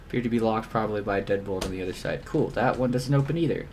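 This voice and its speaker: A young man playing a game with a friend, chatting casually, swearing often, and reading story passages aloud in a hushed voice. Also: on the low side, racing, a little hiss or hum. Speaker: game player. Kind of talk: casual let's-play chat with reading aloud.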